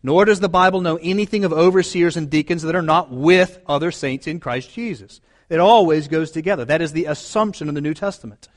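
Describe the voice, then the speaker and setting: Male pastor, emphatic sermon delivery, slightly higher voice, repeats phrases for emphasis. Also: brisk. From United States.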